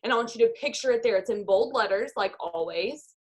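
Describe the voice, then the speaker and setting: A woman's voice: on the high side, a little fast. A woman, a network marketing leader giving an upbeat motivational talk over a video call. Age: 20s. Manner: upbeat, guides a visualization.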